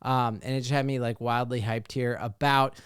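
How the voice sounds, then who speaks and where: A man hosting a casual sports talk show, excited and rambling with lots of fillers. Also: medium pitch, moderate pace, smooth, no room sound, studio quality.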